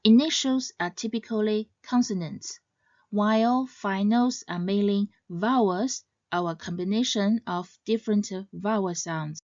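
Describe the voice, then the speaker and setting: Recorded close and dry with no room sound, a medium-pitched woman with a darkish tone narrates a scripted lesson. This language teacher moves very slowly, explaining each point in a measured manner, over slightly dull, lo-fi audio.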